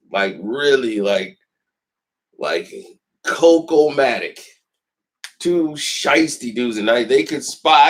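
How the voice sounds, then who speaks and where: A man telling a personal story in a casual vlog, animated and acting out the people in it. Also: fairly high pitch.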